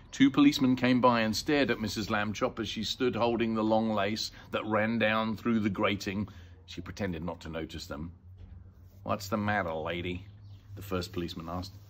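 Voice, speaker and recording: An older man reading a children's book aloud in an expressive, lilting way. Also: on the low side. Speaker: storyteller.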